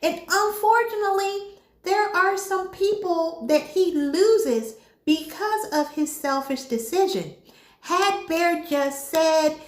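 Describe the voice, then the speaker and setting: A woman reviewing a movie in casual chat, retelling the plot in an animated way and speaking straight to her viewers. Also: extremely high pitch, slow, roomy sound.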